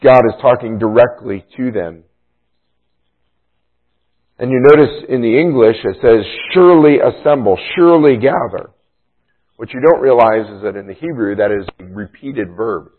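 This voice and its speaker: Man, pastor, sermon, emphatic teaching delivery, husky, tinny phone-like recording. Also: mid-range voice, moderate pace. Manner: emphatic, explanatory preaching.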